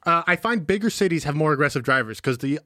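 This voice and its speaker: A young man co-hosting a casual podcast, telling stories in an animated way with plenty of swearing. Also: fairly high pitch, dry recording, studio quality. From Northern California. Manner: animated, swearing, quick storytelling. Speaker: podcast co-host. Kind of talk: casual chat about a film.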